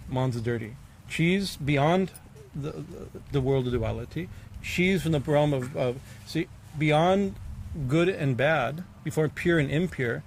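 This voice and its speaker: Guy with a gravelly voice teaching scripture, lots of uh uh and restarts, faint hiss behind. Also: mid-range voice. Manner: halting, many fillers and restarts, chuckles, bursts of emphasis. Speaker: swami giving a scripture class. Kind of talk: informal religious discourse.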